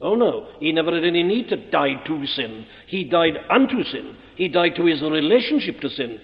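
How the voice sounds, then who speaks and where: Emphatic preacher in an echoing hall. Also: male voice, on the high side, lively intonation. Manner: emphatic, deliberate, rhetorical questions. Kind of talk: expository sermon. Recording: muffled old recording in a reverberant hall.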